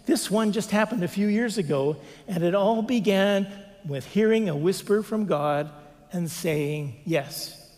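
A man's voice: sits high, normal speed. A man preaching a sermon as pastor, telling stories with animation and acting out the quotes. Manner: animated storytelling, acts out quotes. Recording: long reverb of a large hall.

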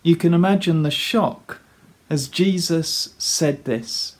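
A male preacher retells a parable in a slow, deliberate sermon. His voice sits somewhat high for a man. He speaks earnestly and often turns to his listeners with rhetorical questions. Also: a little mellow.

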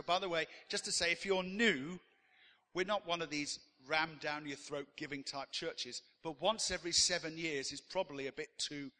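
A pastor delivers a sermon in a fairly high, sharp-toned voice, telling stories conversationally and dropping frequent "uh" fillers. The recording carries a long reverb tail.

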